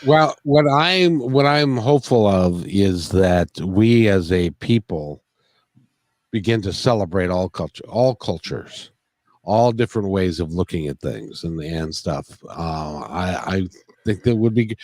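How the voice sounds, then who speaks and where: A man hosting an easygoing interview, his pitch rising and falling in a lively sweep as he asks questions and agrees along. The recording is dry and close, with no room sound around him. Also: measured pace, no echo. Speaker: podcast host. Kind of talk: casual interview conversation.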